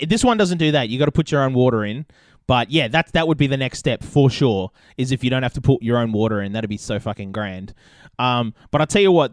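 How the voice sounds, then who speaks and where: Young aussie guy hosting a podcast, rambly and sweary, mid pitch, dead dry sound. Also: no echo. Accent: Australian. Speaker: podcast host. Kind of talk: casual chat.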